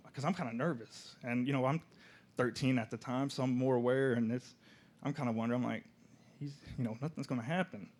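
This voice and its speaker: Young man telling his story. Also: mid-range voice. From Oklahoma. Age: young adult. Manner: casual, halting, soft-spoken at moments. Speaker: student speaker. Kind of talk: personal testimony storytelling.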